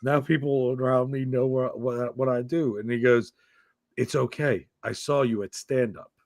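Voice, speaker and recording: A man with a mid-range voice hosts a casual podcast at a moderate pace, in a dry, studio-quality recording. He tells a story full of swearing, animatedly acting out the other people's lines.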